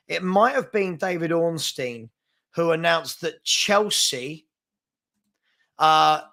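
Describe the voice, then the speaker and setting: A man's voice: fairly high pitch, vocal fry, bright, forceful tone. A man hosting a live football fan stream, chatting loosely and reading out viewer comments, with plenty of fillers and restarts. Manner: rambling, with fillers and repeated words. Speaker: fan channel host.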